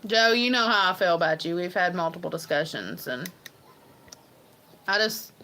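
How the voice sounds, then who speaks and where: A woman's voice: fairly low pitch, normal speed, pushed and bright, slight background noise, rough recording. A woman talking casually on her own livestream, rambling and earnest with many ums and restarts. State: tearful at times. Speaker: livestream host. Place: farm home.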